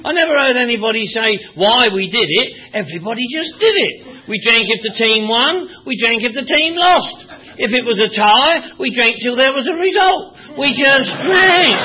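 High-voiced London man telling his story. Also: slightly rough. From Northwest London. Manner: wry, profane storytelling with repetitions. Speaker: speaker at a recovery meeting. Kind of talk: personal testimony. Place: meeting room with an audience. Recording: dull lo-fi recording, faint audience.

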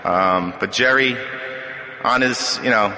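A man's voice: fairly low pitch, bright, forceful tone. Wry middle-aged man at an echoey podium. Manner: wry, self-deprecating, halting restarts. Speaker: recovery meeting speaker. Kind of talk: personal testimony at a podium. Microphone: podium microphone. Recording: echoey hall reverb.

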